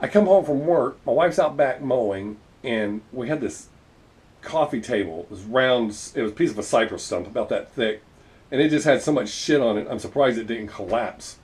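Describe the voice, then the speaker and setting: A man's voice: mid-range voice, animated, moderate pace, darkish tone. Middle-aged guy rambling about his kids, dry and cussy, casual vlog talk. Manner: wry, profane, self-deprecating storyteller. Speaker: vlogger. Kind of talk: casual storytelling monologue.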